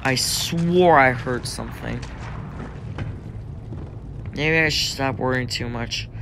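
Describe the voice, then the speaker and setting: A man's voice: medium pitch, slow pace, gravelly, noisy background. A young man casually commentating a game as he plays, rambling to himself and to his viewers. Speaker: gaming YouTuber. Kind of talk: casual let's play commentary.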